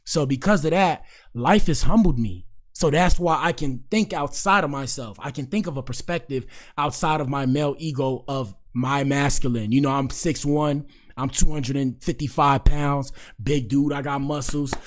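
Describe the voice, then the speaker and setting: A man's voice: medium pitch, moderate pace. A man hosting a commentary show, reacting casually and talking straight to his viewers with slang and repeated catchphrases.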